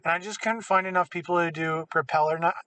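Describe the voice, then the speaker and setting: A man's voice: fairly high pitch, fairly even intonation, fast talker, bright, forceful tone, no room sound. Casual podcast man, off-mic. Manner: rambling, self-correcting. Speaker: podcast co-host. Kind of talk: casual chat. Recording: distant from mic.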